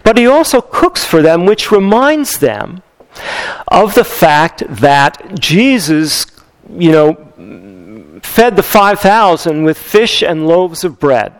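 Man pastor, sermon delivery, lively and slightly high, dry close sound. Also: slow pace, smooth, no room sound, rough recording. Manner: animated, conversational preaching with fillers and repetition.

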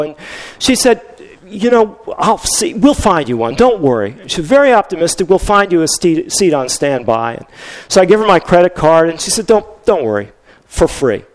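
An older male pastor telling a story in a conversational sermon, with frequent restarts. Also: sits high.

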